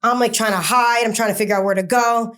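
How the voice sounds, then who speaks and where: A woman, an interview guest, recounting a personal story in a halting way, with many fillers and restarts and rushed bursts of words. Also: fairly high pitch, steady tone, fairly bright tone.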